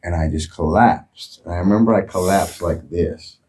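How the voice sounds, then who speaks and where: Deep husky man telling a story. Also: moderate pace. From Oakland, California. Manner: profane, animated retelling with acted quotes. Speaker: guest. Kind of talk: casual storytelling.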